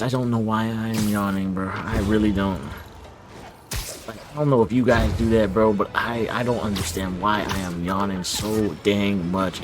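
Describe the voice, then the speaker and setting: Young male gaming creator, low voice, casual rambling, faint game music. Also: fairly even intonation, normal speed. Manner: rambling, chatty. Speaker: gaming YouTuber. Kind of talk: casual gameplay commentary.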